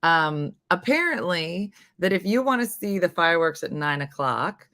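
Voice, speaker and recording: A chatty woman with a New Jersey accent, chatting casually on a live morning stream with a slightly husky, hoarse edge to her voice. Her tone is bright and forceful, and the sound is close and dry with no room around it. She rambles from story to story. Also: fairly low pitch, big pitch swings, moderate pace, no room sound. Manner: chatty, rambling, laughs at herself. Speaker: morning show host.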